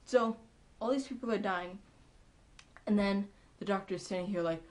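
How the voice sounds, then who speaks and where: A woman giving a casual, excitable recap of a TV episode, chatty and full of ums and likes. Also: mid-range voice, moderate pace. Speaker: TV episode reviewer.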